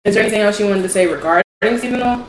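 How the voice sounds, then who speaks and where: A young woman co-hosting a podcast in casual chat, frank and expressive, swearing freely. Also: medium pitch, racing. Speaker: podcast co-host. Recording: echoey room, faint background noise.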